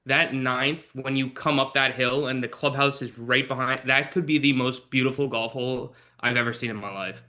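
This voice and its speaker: Brief: man guest from Canada, bright, forceful tone, quick casual chatter full of "like". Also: medium pitch, steady tone. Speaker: guest, assistant golf course superintendent. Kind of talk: casual interview chat.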